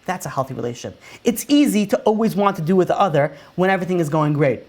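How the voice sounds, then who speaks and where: A rabbi giving a conversational sermon, asking many rhetorical questions and repeating and restarting phrases. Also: male voice, high-pitched, animated, quick pace, darkish tone.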